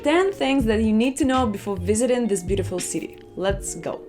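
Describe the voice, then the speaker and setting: A chatty woman vlogger speaking in a fairly high voice and casually telling her viewers stories. She slips into other people's lines as she tells them. Faint music plays underneath. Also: animated, fairly quick, a little mellow. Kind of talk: casual travel vlog talk.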